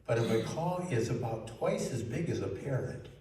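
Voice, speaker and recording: A man's voice: medium pitch, moderate pace. Man telling a story in an echoey room. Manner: lively, asks the listeners questions. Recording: very echoey room, mic far off, faint noise.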